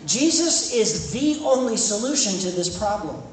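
A man's voice: high-pitched, sing-song, normal speed. A young man preaching to a campus ministry in a conversational style that swells into emphatic points. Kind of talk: sermon. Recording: echoey room, distant mic, faint noise.

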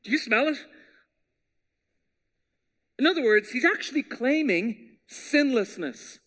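A man preaching a sermon as pastor, in a conversational style that drops to hushed tones for scripture. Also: very high voice, lively intonation, slow pace.

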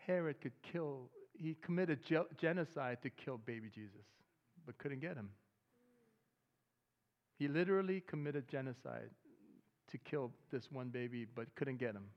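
A man preaching a sermon as pastor, talking to the congregation in a relaxed way and breaking into loud excited bursts. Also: mid-range voice, normal speed, highs cut off.

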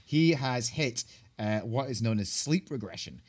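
A man in his thirties, a podcast co-host, exhausted from lack of sleep and telling stories in animated, chatty conversation. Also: medium pitch, unhurried, husky. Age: 30s. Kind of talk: casual chat.

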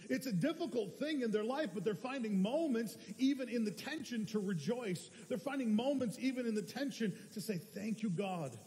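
A man, a pastor, preaching a sermon in an earnest, conversational way, pausing to correct himself. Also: very high voice, expressive, a little mellow. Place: church sanctuary. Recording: long hall reverb.

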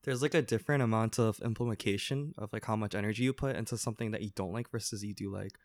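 Young man, low voice, dry close sound, easygoing slangy podcast guest. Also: fast, no room sound. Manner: animated, slangy, lots of fillers. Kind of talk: casual chat.

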